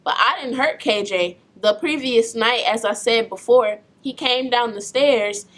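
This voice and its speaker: A young woman recounting a painful family story in a personal vlog, speaking softly and in a subdued way. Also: a little high, a little slow.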